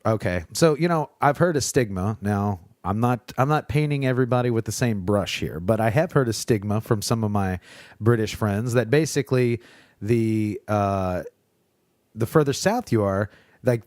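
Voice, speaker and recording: A man's voice: fairly low pitch, moderate pace, a little mellow, no room sound, studio quality. A man from Kentucky with a Kentucky accent, hosting a podcast in a chatty, easygoing way and laughing easily. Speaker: podcast host. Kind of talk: casual podcast chat.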